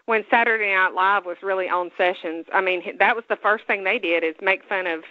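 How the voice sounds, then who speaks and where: A woman from Alabama with a Southern accent, co-hosting a casual chat, talkative and quick to laugh. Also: medium pitch, no room sound, lo-fi sound. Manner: chatty, laughs often, opinionated. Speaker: co-host.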